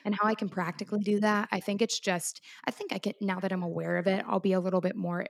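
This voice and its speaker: A woman's voice: medium pitch, level tone, fast, vocal fry. A woman co-hosting a casual podcast chat, reflective and thinking aloud with frequent restarts. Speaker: podcast co-host.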